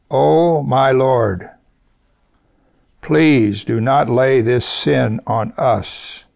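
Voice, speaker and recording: Gravelly-voiced male preacher teaching scripture. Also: mid-range voice. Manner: conversational Bible teaching with rhetorical questions and chuckles. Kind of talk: sermon.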